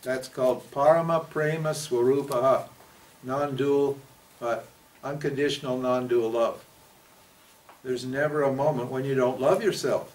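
A man gives a spiritual teaching talk in a loose, conversational way. He keeps turning questions to his listeners and acts out the prayers people make. His voice sits at a middle pitch and is picked up from some distance away. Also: steady tone, a little slow, a little mellow.

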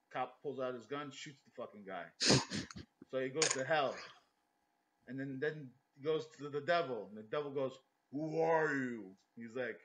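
A man's voice: medium pitch, moderate pace, a bit bright, lo-fi sound. A man in his late thirties chatting casually with strangers online, joking and crude. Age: 30s. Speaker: prank video host.

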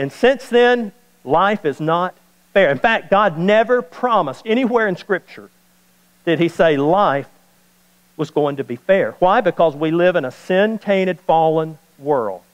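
A man preaching a sermon as pastor, folksy and animated, repeating key lines and joking with the congregation. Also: a little high, big-room sound, rough recording. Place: church sanctuary.

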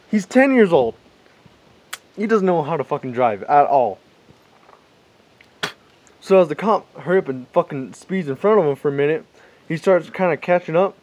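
A man's voice: a little high, animated, moderate pace, pauses often, darkish tone, a little hiss or hum. Laughing, swearing man telling a story. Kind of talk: casual anecdote.

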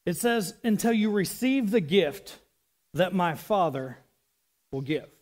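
A man's voice: sits high, lively intonation, slow, a little mellow. A man in his thirties giving a casual, chatty sermon with asides. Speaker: preacher.

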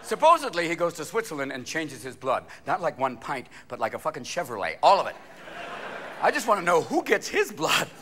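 A man performing live stand-up comedy on a theater stage, manic and rapid, often jumping into character voices and shouts. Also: fairly high pitch, very animated. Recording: live theater recording with crowd noise. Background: audience laughter.

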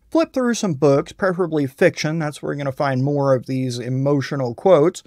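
A man walks through a software tutorial in a plain, self-deprecating voice-over. His voice sits a little high, and the recording is dry and close with no room sound. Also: moderate pace, few pauses, no echo. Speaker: tutorial host.

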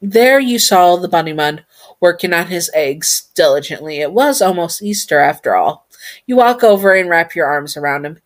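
A woman's voice: fairly low pitch, animated, normal speed. Chatty woman reading a fan story. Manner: chatty, giggly, talks to herself.

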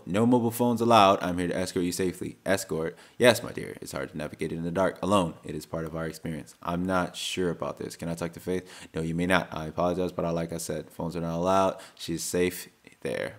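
Excitable man doing gameplay commentary. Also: sits low. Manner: excitable, bursts into loud yells, reads messages aloud. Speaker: let's play host.

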